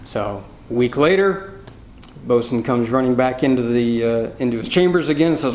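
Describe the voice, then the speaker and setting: A man's voice: medium pitch, normal speed, darkish tone. A man teaching a Bible study in a jovial, anecdotal way, reading and explaining verses. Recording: roomy room echo, faint noise.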